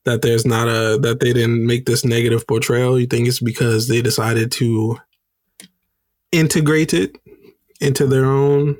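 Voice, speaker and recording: A man co-hosting a podcast, chatting casually and thinking his points through out loud. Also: mid-range voice, fairly even intonation, no echo. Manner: slow, thoughtful, poses questions. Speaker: podcast co-host. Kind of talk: casual chat.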